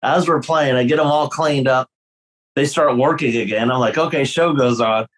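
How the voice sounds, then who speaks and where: A man telling tour stories with a lot of energy, his pitch jumping high whenever he acts out what someone said. He swears freely and laughs through his own stories, a musician in a loose podcast chat. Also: normal speed, poor audio. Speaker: guest guitarist.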